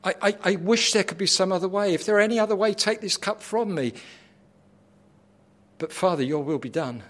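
A man's voice: sits high, brisk, a bit bright. A male preacher speaking as a man in anguish, pleading earnestly with his divine father.

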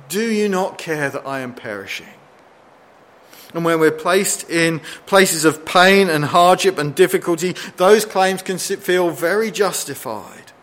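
A man with a fairly high, fairly bright voice preaches a sermon, reading scripture and acting out pleading quotes that build in intensity, slowing down for emphasis.

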